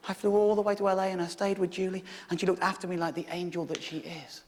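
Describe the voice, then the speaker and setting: A man telling a stand-up comedy story in an animated way, swearing and sometimes shouting. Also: high-pitched, fast, big-room sound, slight background noise.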